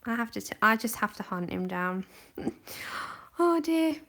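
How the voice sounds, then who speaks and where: A woman's voice: a little high, expressive, measured pace, a bit bright. A young woman chatting and giggling as she colours on a livestream, talking into a camera set close in front of her face. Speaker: livestream host. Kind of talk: casual chat while colouring. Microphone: camera just in front of her face.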